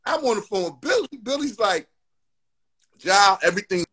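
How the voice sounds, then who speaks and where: A man guest telling a story on a livestream video call, animated and swearing, repeating phrases as he goes. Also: very high-pitched, brisk, slightly rough, low-quality recording. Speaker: interview guest. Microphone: phone earbuds on a video call.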